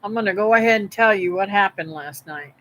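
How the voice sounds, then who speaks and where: A woman's voice: medium pitch, fairly quick, a bit bright, low-quality recording. A middle-aged woman, telling a rambling, folksy story to her livestream viewers from home. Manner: chatty, folksy, meandering. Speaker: homestead livestream host. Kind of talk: rambling live-stream storytelling.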